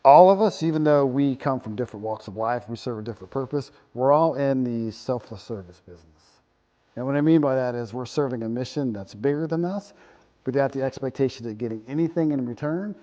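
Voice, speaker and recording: A man's voice: mid-range voice, a little fast, mellow, highs cut off. A man explaining his views step by step in a candid round-table conversation. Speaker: discussion participant. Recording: long hall reverb with faint music.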